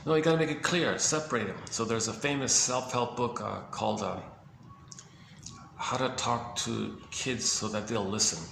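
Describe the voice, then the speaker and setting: A man giving a casual, halting explanation on psychology, often searching for words and repeating himself. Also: mid-range voice, vocal fry, noisy background. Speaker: speaker on psychology. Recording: echoey room with faint ambience.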